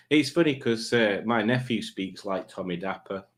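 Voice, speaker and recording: A man hosting a live stream, chatting casually and rambling from one tangent to the next. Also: fairly low pitch. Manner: rambling, playful, breaks into silly put-on voices.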